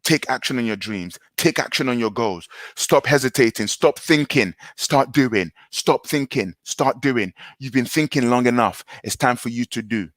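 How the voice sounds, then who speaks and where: A man's voice: on the low side, normal speed, few pauses, a bit bright, dry recording, clean studio sound. A man giving a motivational talk, emphatic and repetitive, hammering home short phrases. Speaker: motivational speaker.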